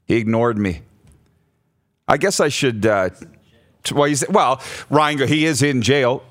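A man's voice: medium pitch, measured pace, no room sound. A man hosting a casual radio show, laughing often as he jokes and reads out listener messages. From Saskatchewan, Canada. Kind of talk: casual sports radio banter. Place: radio studio.

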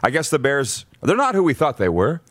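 A man's voice: mid-range voice, wildly swooping pitch, a little fast, dry recording. Blunt male sports talk host, dry sound. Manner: blunt, numbered-point rundown with frequent restarts.

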